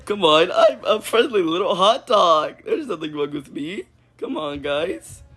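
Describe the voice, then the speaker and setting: Man doing a friendly talking hot dog, goofy, chirpy, lively pitch, unhurried. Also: slightly rough, faint music behind, heavily acted. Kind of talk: improvised VR puppet voice.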